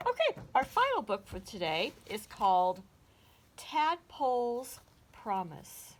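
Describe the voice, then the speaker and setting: A woman teacher reading picture books aloud to children in a slow, expressive storytelling voice. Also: on the high side.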